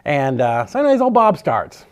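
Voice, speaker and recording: A man's voice: a little high, sing-song, moderate pace, dull audio. A middle-aged man teaching a real estate course in a casual storytelling way, loose and chatty, with frequent swearing.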